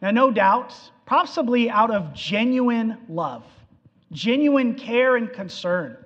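A man preaching a sermon, animated and acting out the quotes, in an echoey hall on a dull, lo-fi recording. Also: very high-pitched, slow.

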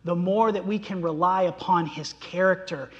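A man's voice: high voice, normal speed, highs cut off. A man preaching a sermon, impassioned, his voice rising sharply when he voices quoted cries. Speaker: pastor. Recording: long reverb of a large hall.

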